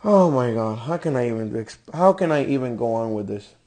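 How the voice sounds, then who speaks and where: A man's voice: medium pitch, animated, a little fast, warm tone. A man hosting a podcast, delivering a profane, exasperated rant reviewing a wrestling show. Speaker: podcast host.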